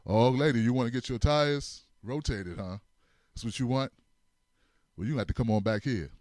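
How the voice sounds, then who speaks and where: A man voicing a sleazy auto-shop worker coaxing a customer, in a lowered, smarmy voice. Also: moderate pace, a little mellow, no room sound, studio quality, close to an everyday voice.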